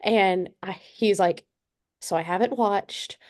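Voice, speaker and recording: A young adult woman with a mid-range voice speaks slowly while co-hosting a podcast. In casual chat, she tells a story with animated delivery, acting out the quotes.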